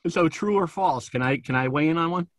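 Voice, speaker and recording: A man's voice: fairly high pitch, brisk, no room sound. A man co-hosting a casual sports podcast, stammering and restarting as he tells stories with energy. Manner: stammering, animated storytelling. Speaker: podcast co-host.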